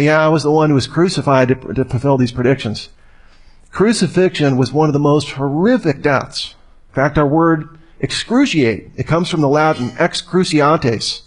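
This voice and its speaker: A man's voice: fairly high pitch, slightly rough. A man speaking to a live audience in a conversational, storytelling way with rhetorical questions.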